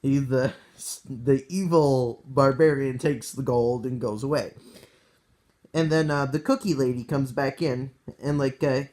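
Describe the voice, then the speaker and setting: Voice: medium pitch, measured pace, darkish tone. A player casually retelling a tabletop game session, rambling with many "like"s and "uh"s and chuckling between bits.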